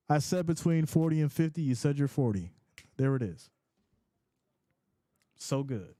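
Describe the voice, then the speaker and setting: A man hosting a casual live sports reaction stream, reading chat comments aloud in a playful, animated way. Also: a little high, a little slow, long pauses, no room sound, studio quality. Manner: animated and playful, often laughs.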